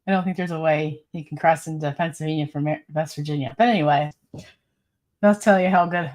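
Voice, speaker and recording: A woman hosts a relaxed live stream and reads out viewer comments as she goes. Her voice sits a little low for a woman. She talks in a chatty, meandering way and breaks into laughter often. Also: a little fast. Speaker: livestream host.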